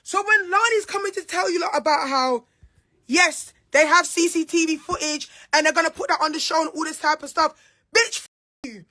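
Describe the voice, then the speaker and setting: Brief: young woman, high bright voice, angry confrontational rant, repeats herself. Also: a little fast. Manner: heated, repetitive, confrontational. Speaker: reality show cast member. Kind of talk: angry monologue to camera.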